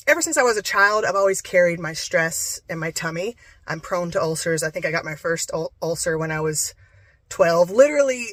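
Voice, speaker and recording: A woman's voice: medium pitch, a bit bright, no room sound. A young woman from North Carolina, a van-life vlogger, rambling candidly through a personal story. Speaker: travel vlogger. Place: living in a camper van.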